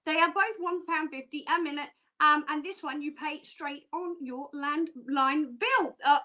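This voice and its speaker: Australian woman psychic host, bubbly live-stream chat, high bright voice, jokey patter. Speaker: psychic presenter.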